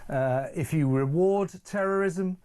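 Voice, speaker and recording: A male British guest on live talk radio, speaking forcefully and repeating phrases for emphasis. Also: a little high, a little slow, clear, resonant tone. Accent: British English. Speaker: studio guest.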